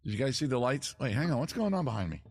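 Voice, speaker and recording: A man's voice: medium pitch, big pitch swings, racing, darkish tone, slight background noise. A man hosting his own live stream, chatting casually to viewers with jokey, self-mocking asides. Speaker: streamer host.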